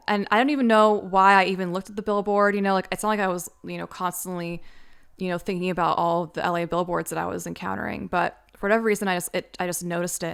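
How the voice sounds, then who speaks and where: Low, gravelly woman telling a story. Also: a bit bright. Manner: chatty, full of fillers like "like" and "um". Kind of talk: casual personal storytelling. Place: Los Angeles.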